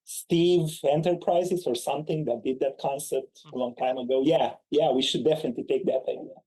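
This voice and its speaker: A man with a mellow, warm tone pitched slightly high. He rambles enthusiastically while playing a tabletop game. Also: a little fast, low-quality recording. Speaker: player. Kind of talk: casual tabletop play.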